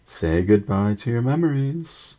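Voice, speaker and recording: A man voicing a smug, treacherous adult male wizard in a storybook reading, loud and theatrical. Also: medium pitch, big pitch swings, unhurried, voice pushed up. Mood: gloating.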